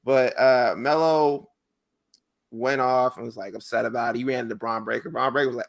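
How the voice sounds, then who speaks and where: A man's voice: mid-range voice, a little fast, vocal fry. A male podcast co-host telling stories in casual chat, acting out what others said. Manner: animated storytelling, acts out quotes.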